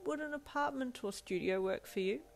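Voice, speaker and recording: A woman's voice: fairly high pitch, lively intonation, normal speed, vocal fry, voice pushed up, poor audio. A woman reading as a wry, restrained principal. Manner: restrained, matter-of-fact and wry. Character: dry, wry middle-aged woman school principal. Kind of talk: reading a fan fiction aloud. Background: faint backing music.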